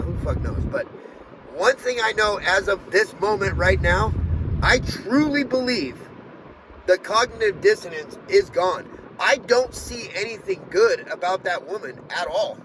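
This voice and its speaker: A man's voice: high-pitched, noisy background. A man talking candidly in a personal video diary, blunt and rambling, swearing often and drifting off on tangents. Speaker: vlogger.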